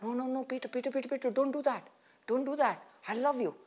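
A man voicing Jesus as a gentle, forgiving figure, speaking softly and pleadingly. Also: very high-pitched, fast talker, lo-fi sound. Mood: tender. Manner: soft, hushed and pleading. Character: gentle consoling male Jesus, tender and forgiving.

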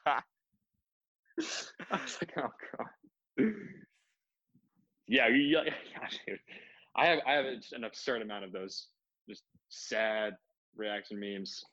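A man's voice: on the low side, fairly even intonation, measured pace, pauses often, pushed and bright. A young man co-hosting a podcast, chatting casually with lots of fillers and frequent laughter. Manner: filler-heavy, laughing often. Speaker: podcast co-host. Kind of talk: casual chat. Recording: dull, dry lo-fi sound.

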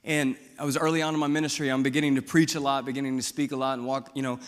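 A man's voice: mid-range voice, flat delivery, very fast, big-room sound. A pastor from Missouri preaching a sermon, telling his testimony in a bold, outspoken, conversational way.

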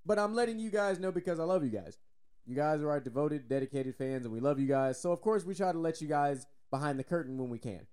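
A man's voice: on the high side, fast talker, darkish tone, clean tone. A Texan man co-hosting a casual sports podcast, loose and joking, swearing freely. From Texas. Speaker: podcast co-host.

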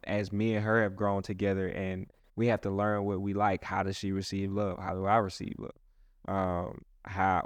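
Low-voiced man chatting in a rambling way. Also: no echo. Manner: rambling, many restarts and "like"s. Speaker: pastor and host. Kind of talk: casual chat.

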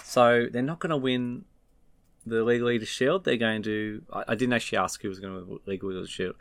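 A man's voice: medium pitch, steady tone, a little fast, gravelly, no echo. A man hosting a podcast, chatting casually in a rambling way and correcting himself as he goes. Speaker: podcast host. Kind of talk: casual sports podcast talk.

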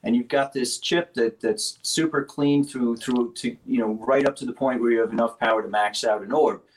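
Man, mid-pitch founder type, loose rambling technical explainer. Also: normal speed, rough recording. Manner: rambling, restarts often, explains technical detail. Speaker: speaker company founder. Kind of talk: casual interview talk.

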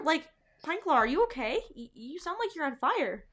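A woman's voice: sits high, very animated, brisk, a bit bright. A woman hosting a podcast, reading her old fanfiction aloud and breaking off with playful, giggly asides. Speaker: podcast host.

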